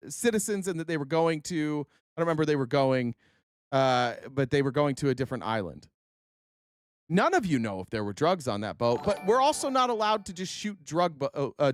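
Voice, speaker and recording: A man's voice: fairly high pitch, dry recording, studio quality. A man from Utah hosting a casual political livestream, reading viewers' chat comments aloud and answering them with sarcasm. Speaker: livestream host.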